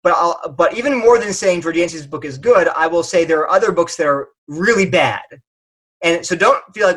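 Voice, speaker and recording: A man's voice: on the high side, a little fast, a bit bright, slightly rough, rough recording. A man giving an emphatic, conversational talk to a church audience, often restarting his sentences. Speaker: speaker addressing a church audience.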